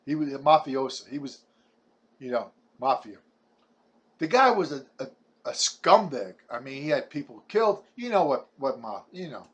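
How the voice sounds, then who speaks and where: A man's voice: mid-range voice, big pitch swings, moderate pace, lo-fi sound. A man, delivering a blunt, combative ranting monologue full of stumbling restarts. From Brooklyn, New York. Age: 70s. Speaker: vlogger.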